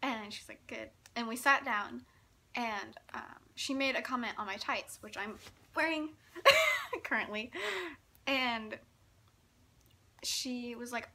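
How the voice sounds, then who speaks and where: A young woman telling a story in a casual vlog, giggling often and talking in an excitable, breathless way full of fillers. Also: a little high, slow pace, pauses often. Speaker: vlogger.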